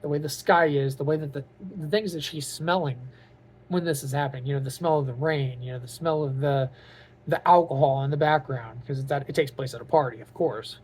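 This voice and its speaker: A man's voice: a little high, steady tone, fairly quick, darkish tone, husky. A man talking to camera in a casual vlog, earnest and openly emotional, rambling with lots of "like" and "you know". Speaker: vlogger and aspiring author.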